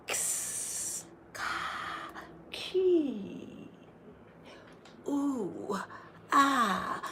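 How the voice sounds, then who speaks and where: A woman's voice: sits high, slight background noise. A woman in her thirties chatting casually to her vlog viewers, rambling and playful, with lots of "like" and restarts. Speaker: vlogger.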